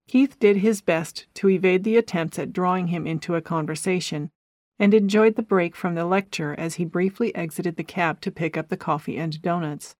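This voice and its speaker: Steady male audiobook narrator, dry close sound. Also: sits high, no room sound. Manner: steady, measured storytelling. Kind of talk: scripted narration.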